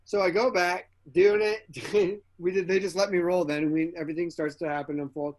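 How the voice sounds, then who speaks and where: Quick and high-pitched, this actor, a guest in an interview, bounces through relaxed anecdotes, acting out every line of dialogue and breaking into frequent laughter.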